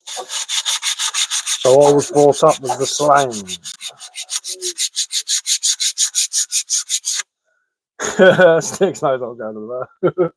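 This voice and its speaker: A man with a Sussex English accent talks cheerfully, in a voice a touch higher than most. He chats loosely on a live stream and throws in rhyming slang. The sound is close and dead dry. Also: expressive, drawn-out words, pauses often, dry recording, poor audio. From England. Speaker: live streamer of bushcraft and woodwork. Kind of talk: casual live chat answering comments.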